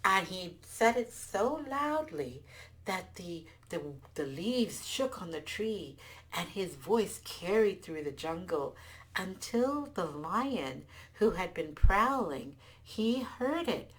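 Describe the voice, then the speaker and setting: A woman telling a folktale aloud, expressive with small restarts. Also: on the low side, takes it slowly. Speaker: storyteller. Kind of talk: folktale storytelling.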